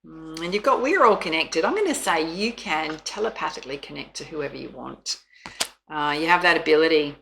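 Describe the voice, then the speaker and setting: A woman's voice: deep voice, fairly quick, vocal fry, noisy background. An Australian woman giving a chatty, soothing tarot reading, with frequent laughs. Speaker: tarot reader.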